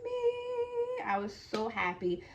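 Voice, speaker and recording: Young woman vlogger, casual storyteller, slightly high voice, chatty with lots of fillers. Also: animated, moderate pace, a bit bright, highs cut off. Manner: chatty, full of "like" and "okay?".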